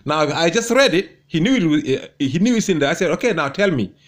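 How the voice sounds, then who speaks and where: A man's voice: on the high side, lively intonation, fairly quick. A man commenting on a debate, gloating and mocking his opponent with much repetition. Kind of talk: commentary over debate clips.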